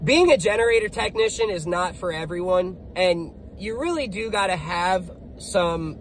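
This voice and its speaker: A man's voice: high voice, lively intonation, moderate pace, a little hiss or hum, poor audio. A man who is a generator technician and small business owner, talking in a blunt, profane, upbeat vlog between jobs. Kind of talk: casual motivational vlog.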